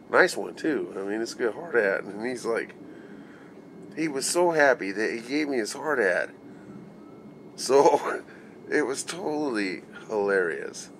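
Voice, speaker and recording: A construction worker tells a rambling work story in a low, easygoing voice, swearing and laughing as he goes. He acts out the other men's lines, and a faint hiss runs under the recording. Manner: laid-back, laughing, swears freely, acts out quoted voices. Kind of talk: casual storytelling vlog.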